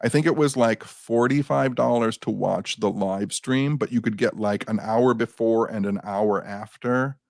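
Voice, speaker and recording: A man's voice: fairly low pitch, unhurried, gravelly, hardly any pauses, no echo, studio quality. A man, a guest on a paranormal talk show, telling anecdotes in a casual chat and acting out the people he quotes. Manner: animated anecdote teller, acts out quotes.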